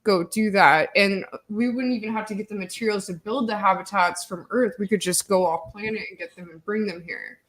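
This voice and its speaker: A woman's voice: mid-range voice, fairly quick, few pauses, a bit bright. Easygoing woman guest talking casually. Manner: easygoing, with many filler likes. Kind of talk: casual conversation.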